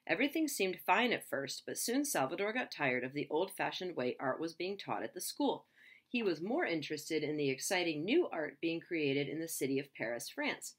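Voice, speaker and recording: A woman reading a children's picture book aloud in a lively, expressive way. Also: sits low, husky. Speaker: reader.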